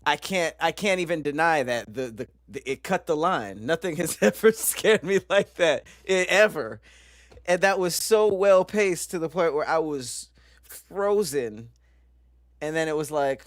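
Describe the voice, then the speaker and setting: A man's voice: on the high side, expressive, moderate pace, no echo, clean studio sound. A young man streaming a horror game, talking through laughter and swearing after a big scare. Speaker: gaming streamer. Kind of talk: live reaction commentary.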